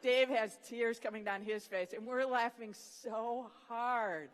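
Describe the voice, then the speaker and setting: Animated devotional speaker with a mid-range voice who acts out funny stories, recorded in a large hall with long reverb. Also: medium pitch, slow pace. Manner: animated storyteller, acts out the quotes. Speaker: speaker at a morning session of a Christian student program. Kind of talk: humorous storytelling devotional talk.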